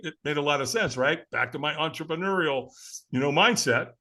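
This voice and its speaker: A man's voice: on the high side, fairly quick, pushed and bright. A man in his sixties, a podcast guest telling a story with animation, acting out the voices of the people he quotes and chuckling along.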